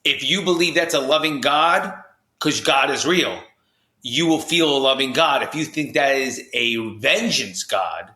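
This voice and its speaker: A man from New Jersey, a podcast guest, telling his story with high energy, lots of restarts and "you know"s. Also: lively intonation, a little slow, bright, forceful tone. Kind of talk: animated storytelling in conversation. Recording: roomy echo.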